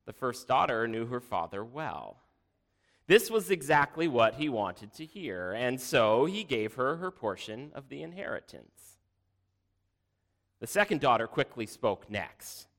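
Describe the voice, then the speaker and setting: A man's voice: medium pitch, big pitch swings, measured pace, a bit bright. A man giving a sermon, telling a story in a dramatic storytelling way. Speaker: preacher. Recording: long hall reverb.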